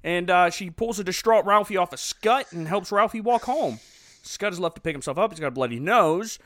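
Man, high pitch, dry close sound, animated casual storytelling, laughs a lot. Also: a little fast, no echo. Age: adult father. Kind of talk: casual chat retelling a movie.

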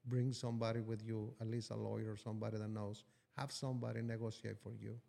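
A man's voice: fairly low pitch, little pitch movement, fast, gravelly, warm tone. A man talking as a business-owner guest on a podcast, blunt and profane, telling stories with animation. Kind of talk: casual podcast conversation.

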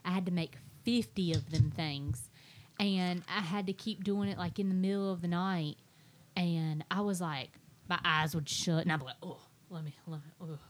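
A woman chats on a podcast in a lively way. Her voice sits a little low, and she jumps high when she acts out her kids' and husband's lines. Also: normal speed, a little hiss or hum. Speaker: podcast co-host. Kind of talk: casual chat.

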